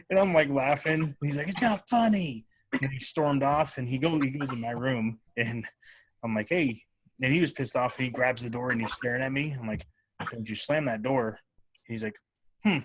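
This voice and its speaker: A man's voice: medium pitch, moderate pace, long pauses. A man hosting a podcast, telling family stories in casual chat, with lots of swearing. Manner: profane, animated storytelling. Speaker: podcast host.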